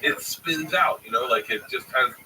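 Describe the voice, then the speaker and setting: A man's voice: mid-range voice, normal speed. A man in his forties, a comedian, telling profane family stories in casual chat and acting out the quotes. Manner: profane, animated storyteller who acts out quotes. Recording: distant mic, faint background noise.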